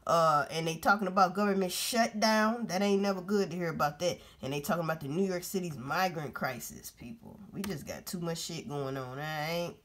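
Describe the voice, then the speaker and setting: A woman's voice: on the low side, fairly quick, few pauses, fairly bright tone, a little hiss or hum. A woman vlogger commenting on news clips in a blunt, profane, casual way, talking straight to her viewers.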